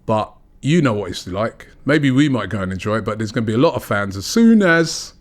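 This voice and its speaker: A man's voice: lowish voice, big pitch swings, fairly quick. Brief: male podcast co-host, heated and emphatic football talk. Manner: passionate, emphatic, repeats "right?".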